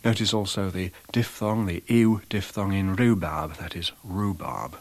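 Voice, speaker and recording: A man narrating as a lecturer, introducing examples in a measured, explanatory way with occasional fillers. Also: deep voice, dry recording.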